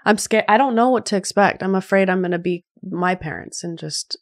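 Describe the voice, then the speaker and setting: A woman's voice: medium pitch, brisk. A woman comedian chatting as a guest, earnest and reflective, often trailing off. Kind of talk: casual chat.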